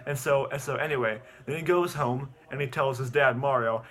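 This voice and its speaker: A young man retells a story with lots of stammers and repeated words, mid-pitched and chatty. He jumps between narrating and acting out bits. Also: steady tone, brisk, hardly any pauses, fairly bright tone. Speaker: online video host. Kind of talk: animated plot recap.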